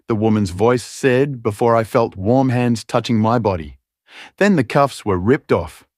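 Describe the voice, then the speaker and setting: A man narrating a dramatic romance audiobook, reading the prose and voicing the dialogue with strained, raised pitch. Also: moderate pace, dry recording, clean studio sound.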